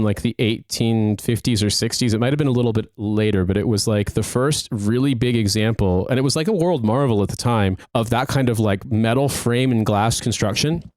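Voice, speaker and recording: A man's voice: mid-range voice, a little mellow, no room sound, clean studio sound. A man from Indiana with a Midwestern accent, co-hosting a casual podcast chat, a profane and rambling storyteller. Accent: American Midwestern. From Indiana, USA. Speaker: podcast co-host.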